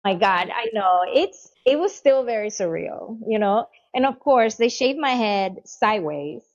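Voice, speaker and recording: Middle-aged woman guest, lively storyteller, lots of "you know", kinda muffled lo-fi sound. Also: mid-range voice, unhurried. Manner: animated, acts out quoted voices, many "you know"s. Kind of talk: casual storytelling interview.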